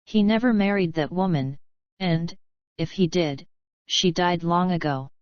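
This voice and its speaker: A woman voicing a steady young station man who speaks slowly and deliberately. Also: on the low side, no echo, lo-fi sound, natural voice. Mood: firm. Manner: slow and deliberate.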